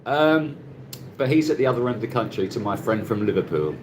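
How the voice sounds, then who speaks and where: A man's voice: medium pitch, lively intonation, fairly quick, slight background noise. A middle-aged man hosting a casual live stream from his phone, chatting and greeting viewers by name and laughing often. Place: Cebu, Philippines.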